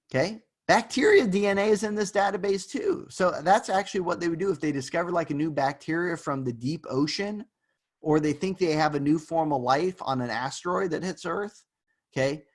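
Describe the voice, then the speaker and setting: A man's voice: a little high, brisk. A male university lecturer giving an online class in a casual, joking way, rambling with fillers and asides.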